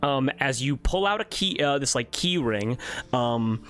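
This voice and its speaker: A man's voice: medium pitch, expressive, measured pace, a bit bright, soft background music. A man narrating as game master in a casual, rambling way, full of filler words.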